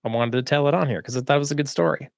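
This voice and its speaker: A man hosting a podcast, telling a story in a relaxed, chatty way with lots of "like" and "right?". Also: a little high, very fast, gravelly, no echo, studio quality. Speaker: podcast host. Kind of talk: casual storytelling. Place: lives in Florida.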